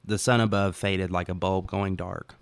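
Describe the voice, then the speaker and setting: Male author-narrator, low and resonant, calm first-person audiobook read, dry studio sound. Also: moderate pace, gravelly, clear, resonant tone, dry recording. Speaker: author reading own story.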